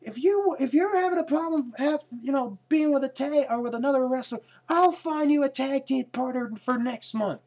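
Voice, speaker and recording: A man putting on a frazzled male wrestling trainer who yells in a shrill, high-pitched voice. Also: normal speed, hardly any pauses. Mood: scolding. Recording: lo-fi dull recording.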